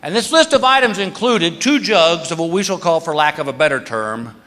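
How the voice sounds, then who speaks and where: A man's voice: on the high side, animated, normal speed, a bit bright. A man in his fifties performing a stand-up comedy routine, telling a story and acting out the other people in it. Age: 50s. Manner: storytelling, acting out quoted voices. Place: large theater stage. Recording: live theater with long reverb. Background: audience laughter.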